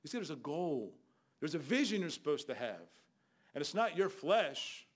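An older man preaching a fiery Bible sermon as a guest preacher, scolding loudly and then dropping to low asides. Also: very animated, moderate pace. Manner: loud, scolding, shifts between shouting and low asides.

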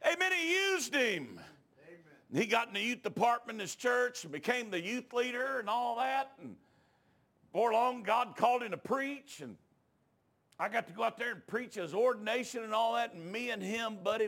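A man preaching a revival sermon, telling folksy stories and building up to shouts. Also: high voice, moderate pace. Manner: folksy rural talk that rises into shouting. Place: church.

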